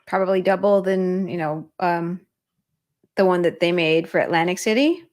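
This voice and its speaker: A woman co-hosting a casual podcast chat, speaking in a relaxed, hesitant way with many fillers. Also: on the low side, moderate pace. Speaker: podcast co-host.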